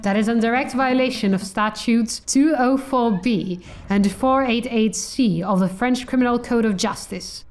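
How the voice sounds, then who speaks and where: A woman's voice: on the high side, moderate pace, few pauses, a little mellow, faint music behind, pitched above the performer's own voice, lightly acted. A woman voicing a pompous male falcon defense attorney who speaks in stiff, formal legalese. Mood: imperious.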